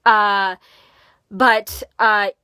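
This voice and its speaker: A teenage girl with only a faint trace of a Minnesotan accent, rambling through a casual vlog with lots of ums and restarts. Her voice is bright and ringing, and the sound is close and dry with no room around it. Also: medium pitch, level tone, extremely slow, clean tone, no room sound. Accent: slight Minnesotan. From Minnesota, USA. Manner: rambling, filler-heavy, chatty. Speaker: vlogger. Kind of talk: casual talking-to-camera vlog.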